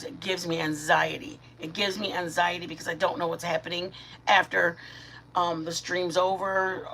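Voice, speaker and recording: A middle-aged woman from Michigan hosting a casual live stream, chatting with viewers by name and talking sweetly to her dogs. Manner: chatty, warm toward viewers, greets chat by name, talks to her dogs in a high baby voice.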